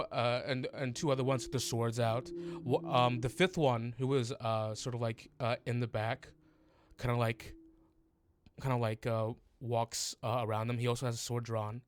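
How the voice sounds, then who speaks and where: A man's voice: mid-range voice, clear, resonant tone. A man narrating a tabletop game as game master, hesitant and full of fillers.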